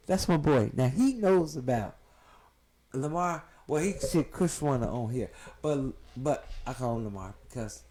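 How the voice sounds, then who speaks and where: A man's voice: mid-range voice, dark tone. A man in his late thirties hosting a podcast and steering a casual chat with friends. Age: 30s. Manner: easygoing, bossy with the guests. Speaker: podcast host.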